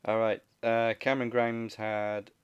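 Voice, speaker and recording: A man's voice: mid-range voice, level tone, a little slow, clear, resonant tone, no room sound, muffled recording. A man co-hosting a wrestling podcast, chatting in a laid-back way and laughing often. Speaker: podcast co-host. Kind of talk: casual chat.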